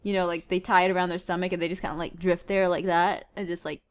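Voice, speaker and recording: A woman hosting a casual gameplay video, excitable and full of exclamations, sometimes spinning playful stories. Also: fairly low pitch, fast, clean tone. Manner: playful storytelling. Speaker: gaming video host.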